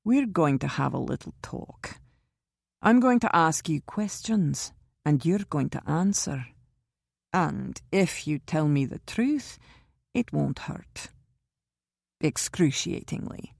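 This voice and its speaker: Woman narrator's quiet, measured menace of a man; gravelly, dry. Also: deep voice, lively intonation, no echo, exaggerated voice. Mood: menacing. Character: cold, menacing soft-spoken man.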